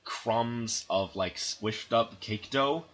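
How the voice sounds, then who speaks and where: A man's voice: fairly low pitch, extremely slow, fairly bright tone. A man casually telling a long story on a podcast, rambling with restarts and laughing as he goes. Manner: rambling, laughs often, acts out quoted voices.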